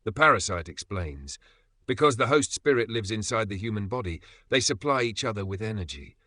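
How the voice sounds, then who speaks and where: A man's voice: fairly low pitch, expressive, fairly quick, pushed and bright, dry recording, clean studio sound. A man narrating a comic recap in scripted, dramatic storytelling.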